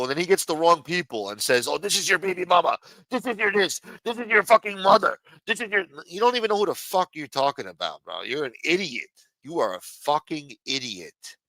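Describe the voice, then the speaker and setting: A man's voice: mid-range voice, bright, forceful tone, no echo, low-quality recording. A man on a livestream ranting angrily and scolding a viewer, with lots of profanity. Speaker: livestream co-host. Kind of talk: heated livestream rant.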